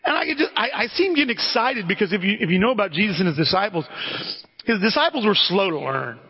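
A man's voice: high-pitched, expressive, quick pace, husky. A man preaching a casual, conversational sermon, speaking directly to his listeners and often restarting his sentences. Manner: direct, addresses listeners as "guys", frequent restarts. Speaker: pastor. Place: church sanctuary. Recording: dull recording with long hall reverb.

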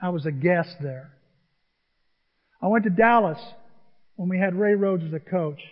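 A man in his sixties delivers a sermon as a lively, emotional personal story. His voice sits high for a man. The recording is a little muffled, with a long echo from a large hall. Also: unhurried. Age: 60s. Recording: echoey hall, dull lo-fi sound.

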